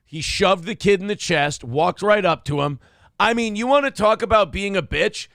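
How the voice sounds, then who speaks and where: A man's voice: high-pitched, lively intonation, moderate pace, gravelly, a bit bright, no echo, studio quality. A man hosting a morning show, giving crude, mocking commentary over video clips, getting worked up.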